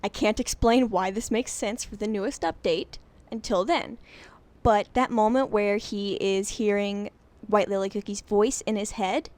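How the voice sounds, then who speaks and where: A woman's voice: mid-range voice, a little mellow. A woman giving casual, unscripted game lore analysis in a rambling, giggly, self-deprecating way.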